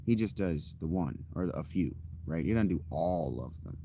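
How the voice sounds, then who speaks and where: Low-voiced man chatting candidly. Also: lively intonation, moderate pace, mellow, slight background noise. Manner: candid, rambling and self-deprecating. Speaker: streamer. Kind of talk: casual chat to a live audience.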